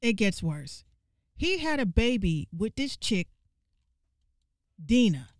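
A woman giving casual gaming commentary, ranting in an animated, profane and exasperated way and repeating lines for emphasis. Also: mid-range voice, slow, dry recording, studio quality.

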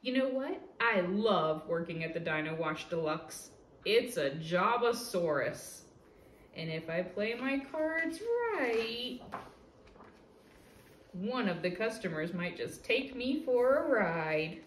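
A woman reading a picture book aloud to a child in a lively, expressive way, at home. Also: medium pitch, takes it slowly, slight background noise. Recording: roomy echo with faint ambience.

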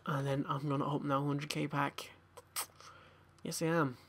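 Young gamer, tired and sweary, mutters his way through a pack opening in a fairly high voice. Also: little pitch movement, moderate pace, fairly bright tone, husky. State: tired, yawning. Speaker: gaming YouTuber.

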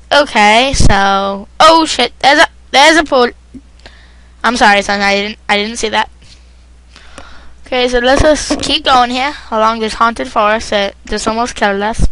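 A woman's voice: on the high side, fairly bright tone, slight background noise, low-quality recording. A woman giving crude, rambling, goofy commentary while playing a video game. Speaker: gamer. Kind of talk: casual let's play commentary.

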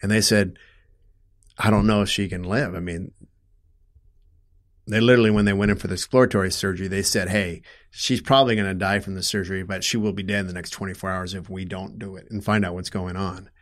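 Halting, emotional man, low voice. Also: steady tone. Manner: emotional, halting, restarts often, grows loud when upset. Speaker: guest telling his story. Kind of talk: personal storytelling in an interview.

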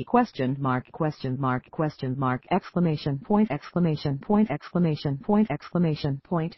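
A narrator reading a joke story in a flat, literal manner that speaks the punctuation marks aloud. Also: medium pitch, normal speed, few pauses, breathy edge, no echo, highs cut off.

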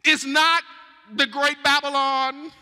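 A man's voice: very high voice, fairly even intonation, slow pace, clear, resonant tone, full character voice. A man playing a proud, boastful king. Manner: grandiose, loud and drawn out. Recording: echoey church sanctuary.

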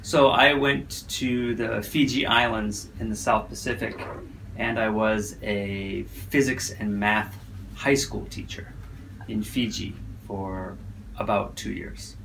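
A man's voice: fairly low pitch, slow, gravelly, a little hiss or hum. A middle-aged man from the United States, a university English teacher, telling stories casually and acting out sounds and voices as he goes. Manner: animated, acts out sounds and voices in his stories. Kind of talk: casual storytelling.

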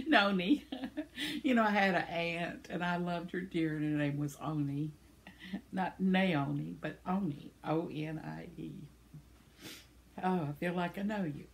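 A woman's voice: lowish voice, measured pace. A woman, chatting to camera about viewer comments, tender and close to tears. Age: 70s. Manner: tearful, tender, with soft laughs. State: teary, on the verge of crying. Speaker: vlogger reading viewer comments. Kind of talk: casual chat to camera.

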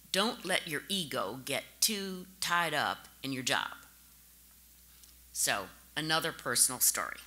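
A woman in her fifties from St. Louis, USA, gives a direct conference speech full of anecdotes. Her voice sits low but sounds bright, with a forceful tone.

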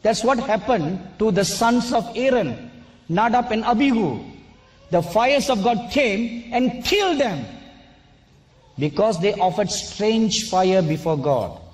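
A man with a high, animated voice preaches a sermon and shares a personal story, speaking slowly and deliberately. At times he scolds the audience.

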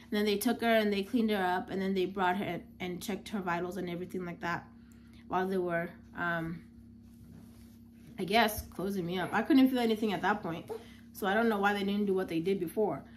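A woman's voice: mid-range voice, fairly even intonation, a little fast, a little hiss or hum. A young woman, a new mother, telling a personal story in a casual, chatty way with lots of filler words.

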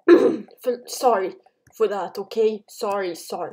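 A woman with a slightly high, dark-toned voice speaks slowly while hosting a game. She's chatty and panicky, giving casual commentary broken up by frequent yelps and screams.

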